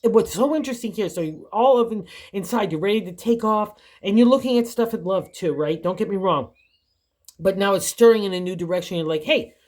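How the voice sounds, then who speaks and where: An older woman talks through a tarot spread in a relaxed, chatty way. She sounds encouraging and leans on everyday fillers as she explains each card, with a voice at an ordinary middle pitch. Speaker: tarot reader. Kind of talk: casual tarot reading.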